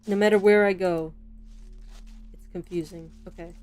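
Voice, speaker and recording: A woman's voice: on the low side, steady tone, normal speed, darkish tone. A woman streamer playing a game, talking to herself in a chatty, casual way and laughing often.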